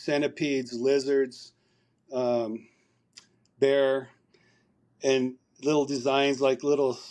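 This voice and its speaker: A man's voice: mid-range voice, darkish tone. A man, a podcast guest, telling a long story over a remote call, rambling and repeating words as he recounts conversations.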